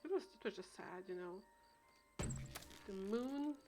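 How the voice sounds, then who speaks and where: A woman's voice: mid-range voice, expressive, takes it slowly. Chatty, dramatic woman streamer. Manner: chatty, dramatic and self-mocking. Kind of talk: casual live game commentary. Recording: music playing behind.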